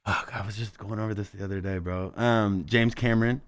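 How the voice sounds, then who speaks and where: A laid-back man chatting casually, cursing often and tossing in "bro" at every turn. His voice is smooth and clear, with a dry, close sound and no room echo. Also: on the low side, steady tone, a little fast. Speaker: musician guest. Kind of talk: casual chat.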